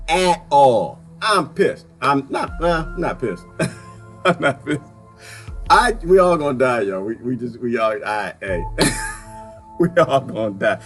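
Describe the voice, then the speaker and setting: A man ranting in a casual vlog, swinging from loud outbursts to quiet mutters and laughing often, with folksy talk. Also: on the high side. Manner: folksy, uses "y'all". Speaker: vlogger. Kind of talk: ranting monologue.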